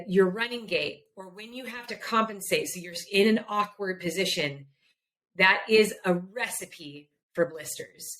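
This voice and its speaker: A middle-aged woman hosting a podcast, telling a story in a casual, emphatic way and laughing now and then. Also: on the low side. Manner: animated, emphatic, laughs while recounting. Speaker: podcast host.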